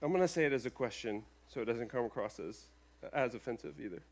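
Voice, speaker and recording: A male pastor preaching a sermon to his congregation, earnest and emphatic, with loud peaks and quiet asides, checking in with the room. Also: medium pitch, lively intonation, quick pace. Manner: addresses the congregation with checking questions. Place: church sanctuary, speaking over a sound system.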